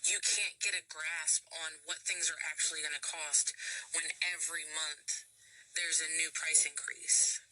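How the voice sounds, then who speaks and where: A woman's voice: sits low, steady tone, measured pace, pushed and bright, poor audio. An American woman and parent ranting angrily about costs, frustrated and swearing often. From United States. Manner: frustrated, profane, heated. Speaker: parent venting online. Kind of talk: angry personal rant.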